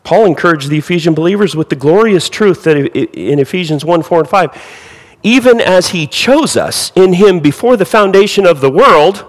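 Male pastor, sermon, fairly high voice with very lively pitch, asks rhetorical questions, long hall reverb. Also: normal speed. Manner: animated preaching, rhetorical questions.

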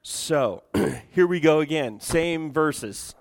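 A middle-aged male pastor preaching a sermon, clearing his throat often from allergies. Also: fairly high pitch, expressive, takes it slowly, in a large hall. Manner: prays softly, then preaches louder with frequent throat clearing. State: congested from allergies.

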